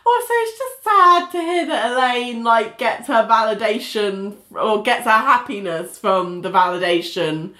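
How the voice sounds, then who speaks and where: A woman in casual chat who speaks haltingly and laughs often. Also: a little high, expressive, bright, forceful tone. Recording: echoey room.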